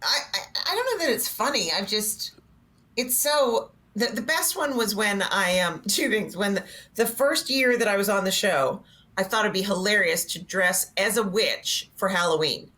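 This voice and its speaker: Woman, bright tone, lively melody, comic storyteller, self-deprecating. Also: mid-range voice, normal speed. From Canada. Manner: animated, self-mocking, acts out voices in anecdotes. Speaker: guest co-host. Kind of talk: comedic storytelling chat.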